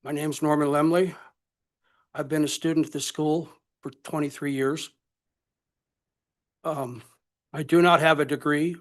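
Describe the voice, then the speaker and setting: At a college budget meeting, an older man gives public comment, speaking emotionally and haltingly. His pitch is fairly high.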